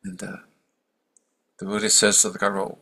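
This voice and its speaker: A man's voice: lowish voice, monotone, moderate pace, creaky, pushed and bright, slightly rough, low-quality recording. A man giving a casual, rambling storytelling talk as a meditation teacher, with easy fillers and restarts.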